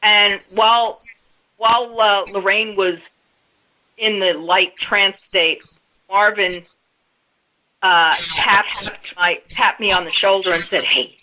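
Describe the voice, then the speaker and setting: A woman's voice: medium pitch, fairly even intonation, takes it slowly, pauses often, sharp tone, low-quality recording. A woman guest on a radio interview, telling a story step by step in a casual way. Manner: storytelling, recounting events step by step.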